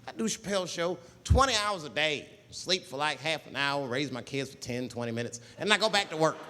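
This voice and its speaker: A stand-up comedian performs to a live room, his voice riding high and swinging widely as he tells his bits. The recording carries the long echo of a big hall and a faint ambient hiss. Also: fairly quick. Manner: animated, jumps into loud high put-on voices. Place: stage in a large hall.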